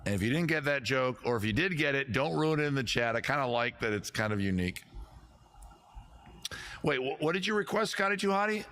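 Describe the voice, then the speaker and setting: A man's voice: medium pitch, animated, fairly quick, pushed and bright, a little hiss or hum. A man hosting a live comedy stream with a guitar, rambling, self-mocking and giggling at his own jokes. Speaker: host.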